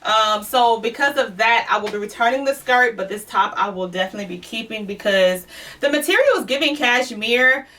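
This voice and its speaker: A woman's voice: on the high side, animated, fairly quick, fairly bright tone, recorded from a distance, slight background noise. A woman from Louisiana chatting through a clothing try-on haul, out of breath and talking straight to her viewers. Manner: chatty, addresses viewers as y'all. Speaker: fashion vlogger. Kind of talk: casual try-on haul chat.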